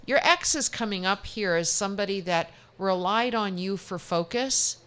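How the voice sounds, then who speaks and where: A woman's voice: mid-range voice, animated, moderate pace, fairly bright tone, clean tone. A woman giving a tarot reading on a talk show, with a mid-range voice. She talks in a chatty, reassuring way, often restarting her sentences. Her phrasing stays easy and conversational. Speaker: psychic reader.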